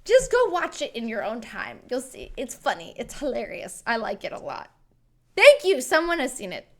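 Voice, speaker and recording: A woman's voice: on the high side, huge pitch swings, normal speed. A woman hosting a livestream, chatting casually and reading comments, rambling and self-mocking with lots of fillers. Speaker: livestream host.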